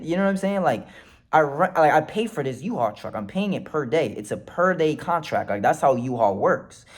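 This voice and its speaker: A man telling a personal story to his viewers in a casual vlog, animated and swearing freely as he acts out what people said. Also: fairly high pitch. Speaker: vlogger.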